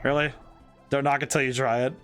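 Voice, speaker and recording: Man, game streamer, joking commentary, bright voice, faint music behind. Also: medium pitch, brisk. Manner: excitable, jokey, chats with viewers.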